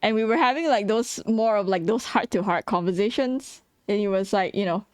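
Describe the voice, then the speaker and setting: A young adult woman casually telling a story about her school days, animated, laughing often and swearing freely. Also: mid-range voice, brisk, no room sound.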